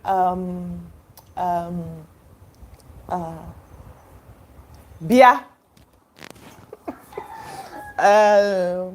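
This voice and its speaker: Woman host for a casual live chat; unhurried, hesitant delivery with lots of ums. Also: on the high side. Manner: rambling, hesitant, many fillers and laughs. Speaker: livestream host. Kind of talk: casual live-stream chat greeting viewers.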